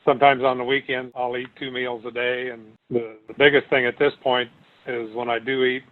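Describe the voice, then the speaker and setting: A man's voice: medium pitch, little pitch movement, normal speed. A man talking casually as an interview guest, rambling with many restarts and fillers. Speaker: guest sharing his weight loss story. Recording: tinny phone-like line.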